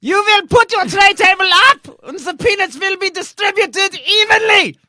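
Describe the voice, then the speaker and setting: A man putting on a strict German male flight attendant voice, shouting clipped orders. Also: fairly high pitch, animated, a little fast, slightly rough, dry recording. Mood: barking.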